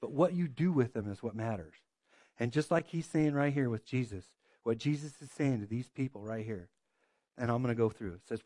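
A man's voice: medium pitch, fairly quick, dark tone, no room sound. A man preaching a sermon as a pastor, earnest and full of rhetorical questions.

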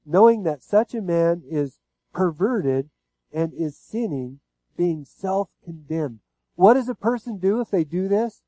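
A man's voice: fairly high pitch, mellow, no echo, low-quality recording. A pastor giving a sermon, speaking casually and asking his listeners one rhetorical question after another. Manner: conversational preaching with frequent rhetorical questions.

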